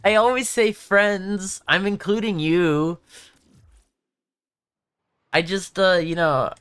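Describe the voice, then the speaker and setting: A man's voice: high voice, fairly even intonation, slow pace, a bit bright, clean tone, dry recording, studio quality. A young man streaming live, chatting casually and rambling through stories while answering questions from chat.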